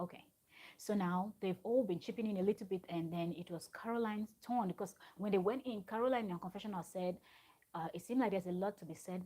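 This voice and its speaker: A woman talks through a reality show recap in a loose, rambling way. Her voice has a husky, breathy edge at a middle pitch. She speaks from home and restarts her sentences often. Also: darkish tone, rough recording. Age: adult parent of a small child. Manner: chatty, rambling, many fillers and restarts. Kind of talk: casual recap chat.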